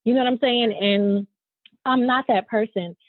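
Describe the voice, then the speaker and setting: A woman's voice: a little high, fairly even intonation, moderate pace, dry recording. A woman in casual podcast chat, talking candidly and emphatically and swearing freely. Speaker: co-host, newly married. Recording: tinny phone-like sound.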